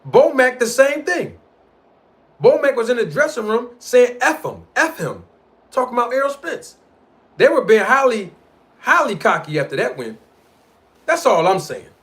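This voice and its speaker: A man's voice: extremely high pitch, moderate pace, long pauses. A man hosting a live stream, arguing his point about a boxing feud in slangy street talk and calling out to the people in his live chat. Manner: animated, argumentative, addresses live chat directly. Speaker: livestream host. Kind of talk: boxing commentary livestream.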